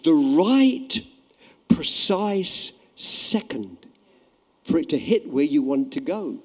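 A man preaching a sermon, telling a story with lively acted-out voices that swell loud at the high points. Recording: long hall reverb.

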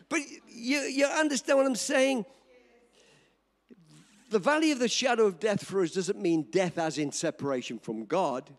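High-voiced jovial pastor in an echoing hall. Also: male voice, lively intonation, takes it slowly, pauses often. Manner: jovial, joking with the congregation, emphatic. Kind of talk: sermon. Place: church hall. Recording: long reverb of a church hall.

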